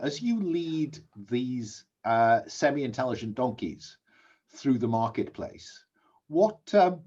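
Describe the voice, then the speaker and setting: A husky-voiced man running a tabletop role-playing game, pausing often as he asks each player what they do. The recording is dull and lo-fi, like an online call. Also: mid-range voice. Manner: hesitant, asks players questions. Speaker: game master.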